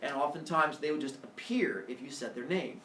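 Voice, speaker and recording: A man's voice: fairly high pitch, expressive, fairly quick, a bit bright, distant mic, slight background noise. Joking male teacher in an echoey classroom. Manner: joking, playful storytelling. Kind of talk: classroom lecture.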